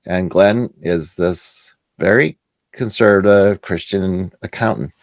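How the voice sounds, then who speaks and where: Low gravelly canadian guy, middle-aged, spinning stories in an interview, does little voices for people he quotes. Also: slow, no room sound. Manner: animated anecdotes with quoted voices. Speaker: author and guest. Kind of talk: casual storytelling interview.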